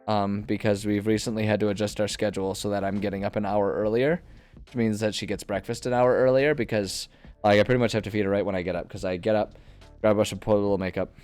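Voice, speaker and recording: A man's voice: fairly low pitch, level tone, fast, darkish tone, smooth, soft background music. A man streaming from his desk at home, chatting casually and thinking aloud, rambling and correcting himself as he plans a tabletop campaign. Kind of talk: casual live-stream chat. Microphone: desk microphone.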